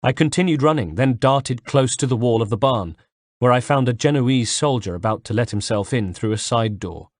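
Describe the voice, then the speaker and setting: A man reading a first-person audiobook in a measured, dramatic way on a close mic. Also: medium pitch, expressive, a little mellow, dry recording. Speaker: audiobook reader.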